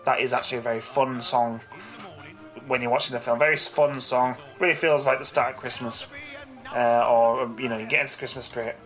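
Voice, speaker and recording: Bright-voiced man, blunt and sweary. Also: mid-range voice, steady tone, fairly quick, faint music behind. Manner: swears freely, blunt and jokey. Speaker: podcast co-host. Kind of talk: casual chat.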